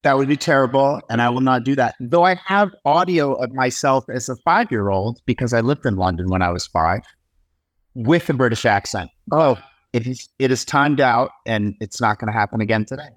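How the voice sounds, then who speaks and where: A man's voice: medium pitch, lively intonation, moderate pace. A man as a podcast guest, playful and self-deprecating in casual chat.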